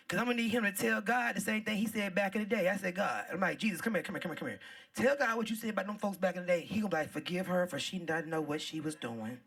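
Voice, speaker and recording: A woman hosting a live comedy show, loud and playful, laughing and talking straight to the crowd. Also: on the high side, gravelly, distant mic. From Southern United States.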